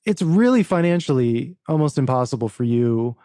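A man, an author and book producer, telling a story as a podcast guest in an animated way, acting out quoted dialogue and restarting often. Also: mid-range voice, moderate pace, no echo, studio quality. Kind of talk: casual interview storytelling.

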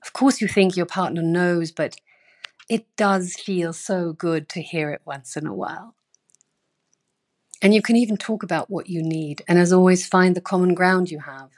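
A woman's voice: fairly low pitch, normal speed, a little mellow. A woman hosting and reading her own newsletter aloud, earnest and emphatic, with sudden stressed words, in her bedroom. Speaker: newsletter host.

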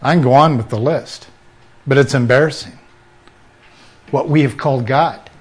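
A man preaching a sermon, emphatic and full of rhetorical questions, sometimes dropping into quiet asides. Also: medium pitch, normal speed, breathy edge.

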